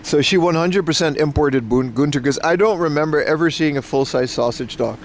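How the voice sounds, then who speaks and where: On a nature hike, a man live-streams a casual, rambling, laid-back chat with his viewers, swearing freely. His voice is on the high side and fairly quick, with a slight hiss or hum in the audio.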